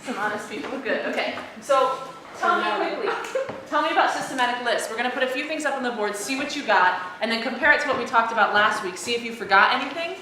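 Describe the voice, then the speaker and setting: A woman teaching a class, brisk and direct, calling on students by name. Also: on the high side. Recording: echoey classroom with noise.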